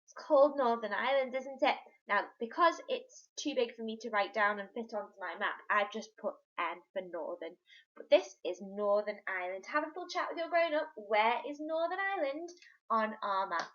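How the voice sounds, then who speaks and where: A woman teaching a remote lesson to young children, slow and encouraging, in a sing-song teacher's voice. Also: fairly high pitch, a bit bright. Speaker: primary school teacher. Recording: dull lo-fi sound.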